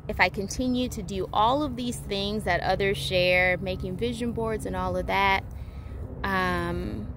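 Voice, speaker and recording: A woman giving a casual spiritual talk, rambling with many fillers and restarts, playful and animated. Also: mid-range voice, a little hiss or hum. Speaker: spiritual teacher.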